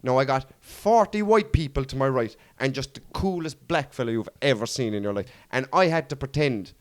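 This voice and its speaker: An Irish comedian co-hosts a podcast, telling stories in casual chat while swearing and laughing often. His voice is medium in pitch, a little fast, with lively intonation.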